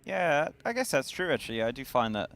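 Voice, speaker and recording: A man's voice: medium pitch, very animated, brisk, vocal fry, fairly bright tone, soft background music. A man from the United Kingdom chatting casually on a livestream, asking easygoing, curious questions. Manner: inquisitive, easygoing, laughs often. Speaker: stream co-host. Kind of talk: casual chat.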